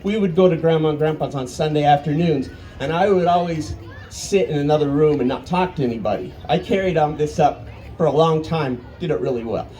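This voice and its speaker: A man's voice: a little high, poor audio. Folksy man in his fifties telling stories. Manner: folksy, animated, dramatic pauses. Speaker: storyteller. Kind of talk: live storytelling. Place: arts festival stage.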